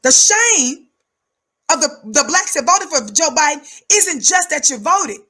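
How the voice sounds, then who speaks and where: A woman's voice: very animated, unhurried, bright, forceful tone. A woman giving fiery preaching-style commentary, emphatic and rhythmic, repeating words for effect. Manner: calls herself high-energy.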